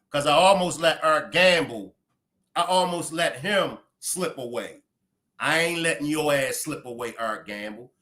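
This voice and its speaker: A man's voice: fairly high pitch, bright, forceful tone. A man with a Baltimore accent, hosting a livestream with blunt, profane, fiery commentary. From Baltimore, USA. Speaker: livestream host.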